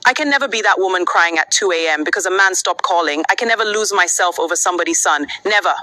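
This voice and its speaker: A text-to-speech voice playing a calm, self-assured young Nigerian woman with a Nigerian accent, heard as a played-back clip. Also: lowish voice, fast talker, no room sound. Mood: defiant.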